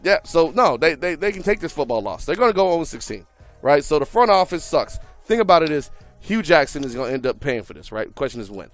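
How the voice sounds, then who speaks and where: A man with a slightly raised voice talks football in a relaxed, joking way, using slangy asides. Faint music sits underneath. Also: a little high, fast. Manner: laid-back, joking, slangy. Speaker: co-host. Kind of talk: casual sports talk.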